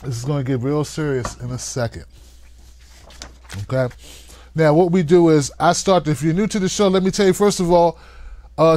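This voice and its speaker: A man hosting a live-stream call-in show, talking in a hyped, playful way and hollering shout-outs to viewers. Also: high-pitched, dry recording, studio quality.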